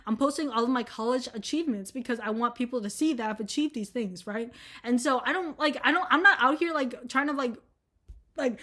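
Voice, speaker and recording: Animated and a touch fast, a young college woman vlogs in a rambling, no-holds-barred monologue laced with swearing and fillers. Her pitch runs high and her tone is a bit bright.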